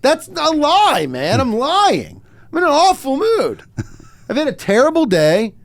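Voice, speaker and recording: A man hosting a podcast, telling a story in casual comedic chat, swearing and jumping up to shouted outrage. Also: very high voice, huge pitch swings, a little slow, vocal fry, dry recording. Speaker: podcast host.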